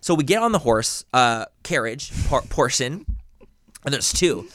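During a casual podcast chat, a young co-host rambles through a story packed with fillers and swearing. His medium-pitched, fairly bright voice swings widely in pitch at an unhurried pace, in clean studio sound with no room echo.

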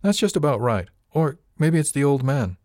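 A man's voice: mid-range voice, very animated, moderate pace, darkish tone, dry recording, clean studio sound, voice pushed up, close to an everyday voice. A man voicing a crude, leering male passenger who drawls his mocking jabs in an audiobook reading. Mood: taunting.

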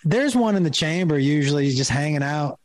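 A middle-aged man, a comedian guest, speaks briskly and expressively at a fairly high pitch with no echo. His comic storytelling is animated, full of laughter and acted-out voices for the people involved.

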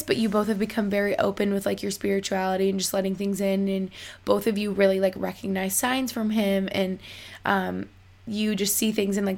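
A young woman hosting a podcast, talking in an excitable, rambling way full of "like.". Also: medium pitch, vocal fry. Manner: excitable, rambling, lots of likes. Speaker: podcast host. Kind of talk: casual chat.

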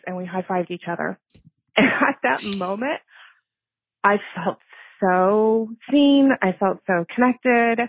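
A woman's voice: mid-range voice, a little slow, no echo. A woman in her fifties, a caller leaving a voice message, tells a personal story in a nervous, earnest way and laughs at herself. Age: 50s. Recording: tinny phone line.

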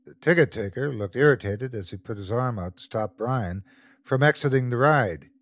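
A man's voice: mid-range voice, moderate pace, no room sound, clean studio sound. A man narrating a scripted horror story as the show's host, telling it expressively.

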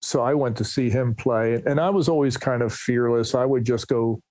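Middle-aged male musician guest; casual anecdotal storyteller, mid pitch, dry recording. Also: moderate pace, darkish tone, no echo. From New Jersey, USA. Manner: rambling, restarts, quotes others in anecdotes.

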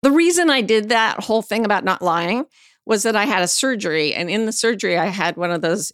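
A woman's voice: on the low side, a bit bright, no room sound, studio quality. A middle-aged woman, an interview guest, telling personal stories candidly and frankly, now and then swearing. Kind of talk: personal storytelling in conversation.

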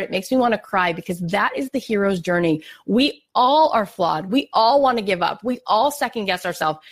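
A middle-aged woman speaks with a slightly high, earnest voice, telling a heartfelt motivational story. She is openly emotional and acts out her own anxious inner voice as she goes. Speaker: podcast host and speaker.

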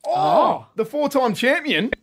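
High-voiced Australian radio host. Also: male voice, takes it slowly. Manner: animated storyteller, chatty. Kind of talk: casual radio banter. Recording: radio broadcast studio.

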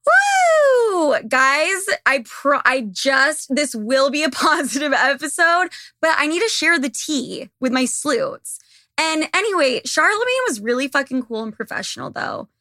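A woman's voice: high voice, lively intonation, moderate pace, pushed and bright, no echo, clean studio sound. A young woman hosting a podcast, talking bluntly and with lots of swearing, her voice a bit worn. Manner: blunt, profane, gossipy. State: losing her voice. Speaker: podcast host. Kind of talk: casual monologue to listeners.

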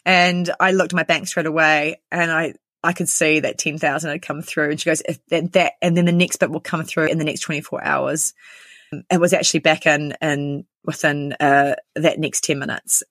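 Nz woman in her 30s telling what happened to her, quick, voices everyone, dry close sound. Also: low voice, little pitch movement, fairly bright tone, no echo. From New Zealand. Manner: candid, quick, full of quoted dialogue. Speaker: interviewee. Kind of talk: recounting a personal story.

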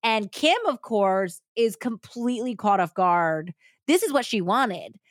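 A woman's voice: mid-range voice, measured pace, no echo. Woman host telling a story, dry sound. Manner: animated retelling with acted-out quotes. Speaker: podcast host. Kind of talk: casual storytelling chat.

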